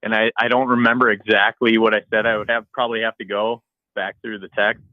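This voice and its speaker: A man and podcast co-host telling a hunting story in a casual, animated way, acting out his own shouts and the texts he got. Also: lowish voice, quick pace, no echo, phone-quality sound.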